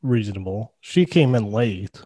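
A man's voice: lowish voice, lively intonation, normal speed, mellow, slightly rough, dry recording, clean studio sound. A man co-hosting a podcast, talking casually about films in rambling sentences full of "like", with frequent laughs. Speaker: podcast co-host. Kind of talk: casual movie chat.

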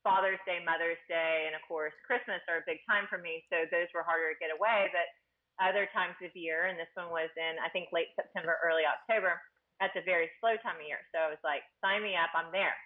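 A woman from Houston chats as an interview guest, spinning a rambling anecdote full of restarts. Her voice sits a little low. It comes through a narrow, phone-like line. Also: steady tone, fast. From Houston, Texas. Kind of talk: storytelling in a casual interview.

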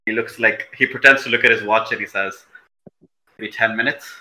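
Man, very bright forceful voice, reflective halting delivery, tabletop game narration, echoey room. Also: fairly low pitch, fairly even intonation. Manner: reflective, halting with many fillers. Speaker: player.

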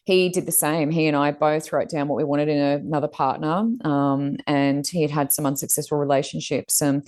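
An Australian woman co-hosting a casual chat, telling stories animatedly and mimicking others with big pitch jumps. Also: little pitch movement, a little fast, darkish tone. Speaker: co-host.

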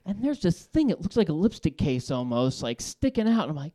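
A man calling in to a talk show, telling a story in a lively, laughing way, swearing and restarting his sentences. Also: fairly high pitch, a little fast. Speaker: caller. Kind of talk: casual storytelling.

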